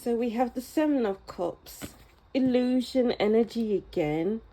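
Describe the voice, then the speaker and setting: A woman giving a pick-a-card tarot reading in a soft, musing, unhurried way that often sinks to a low near-whisper. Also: slight background noise. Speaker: tarot reader.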